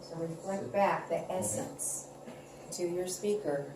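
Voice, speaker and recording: A woman facilitating a workshop, calmly giving instructions for a listening exercise to the group. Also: on the low side, takes it slowly. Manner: calm, instructive, gentle pacing. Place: large conference hall. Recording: roomy hall from far off, noisy.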